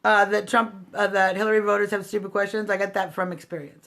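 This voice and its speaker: A woman's voice: medium pitch, fairly quick, gravelly, pushed and bright. A woman hosting a casual political livestream, talking straight to her viewers in a snarky, combative way. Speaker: livestream host.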